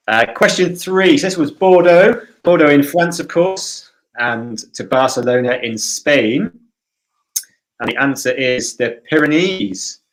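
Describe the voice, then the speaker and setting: A man runs through quiz answers in a casual, friendly way. His pitch sits at a middling level for a man. He talks in a chatty way, with a few hesitations along the way. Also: low-quality recording. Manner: easygoing, chatty, slightly hesitant. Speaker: quiz host. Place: home, livestream for a church quiz.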